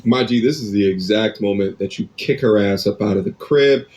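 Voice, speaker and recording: A man's voice: fairly low pitch, moderate pace, a little mellow. A man making blunt, curt, dismissive comments.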